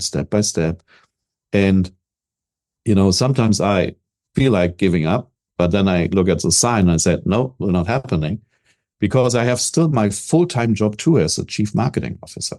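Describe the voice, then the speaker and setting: An older man from Germany with a German accent, talking as a business coach in an interview, self-assured and energetic, often repeating words as he starts a thought. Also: lowish voice, moderate pace. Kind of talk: casual interview talk.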